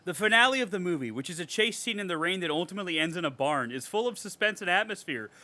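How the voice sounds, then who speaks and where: A man co-hosting a horror podcast, reading reviews aloud with animated, sarcastic commentary and frequent swearing. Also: high-pitched, fast. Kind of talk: casual podcast chat.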